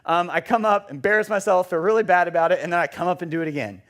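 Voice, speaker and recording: A man's voice: high voice, very fast, fairly bright tone. A young man giving a storytelling sermon in a church, self-deprecating and rambling with many fillers. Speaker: preacher. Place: church sanctuary.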